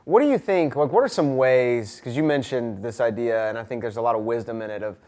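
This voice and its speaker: A man's voice: medium pitch, brisk, mellow. This is a man hosting a casual school podcast interview. His voice sits in a middle range, and his delivery is upbeat and talkative. He laughs easily as he goes. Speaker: school ministry director and podcast host.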